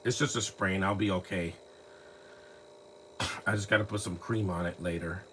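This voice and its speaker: A man's voice: low-pitched, steady tone, moderate pace, fairly bright tone, a little hiss or hum. A man casually rambling through a live movie commentary, full of restarts and fillers, recorded on a phone at home. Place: home, lives near trees.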